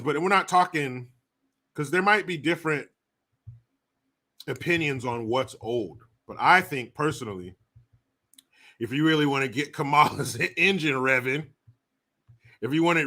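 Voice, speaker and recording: A man's voice: medium pitch, moderate pace, bright, forceful tone. A man hosting a livestream, reading out viewer messages and chatting loosely with lots of swearing and jokes. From United States. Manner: loose, swearing, jokey, slips into put-on voices. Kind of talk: casual profane livestream chat.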